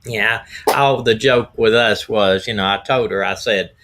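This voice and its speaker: A middle-aged man, slightly hoarse, hosting a rambling, folksy live stream as a retired detective. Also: fairly low pitch, a little slow, fairly bright tone, a little hiss or hum. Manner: folksy, rambling, repeats himself. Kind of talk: casual live-stream talk.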